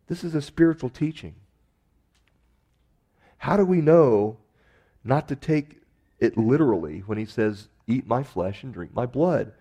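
A man's voice: mid-range voice, warm tone. A man preaching a sermon in a conversational way, with emphatic rises on key phrases. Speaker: pastor.

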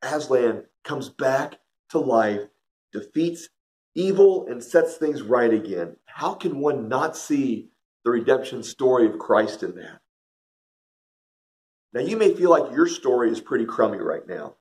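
A man's voice: medium pitch, animated, a little slow, a little mellow. A middle-aged man giving an earnest devotional talk, telling stories and speaking straight to his listeners. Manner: earnest, storytelling, addresses listeners directly.

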